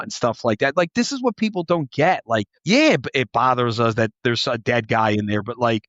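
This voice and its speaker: A man's voice: medium pitch, lively intonation, brisk, a bit bright, dry recording, lo-fi sound. A man who is a former police officer telling stories on a casual podcast, rambling with heavy filler words and frequent swearing. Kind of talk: casual podcast chat, storytelling.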